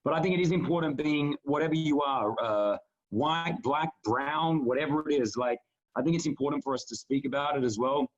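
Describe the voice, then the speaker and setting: A man's voice: fairly high pitch, a little fast, highs cut off. A man co-hosting a podcast, talking earnestly in casual conversation and restarting his sentences often. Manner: earnest, rambling with many restarts. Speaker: podcast co-host.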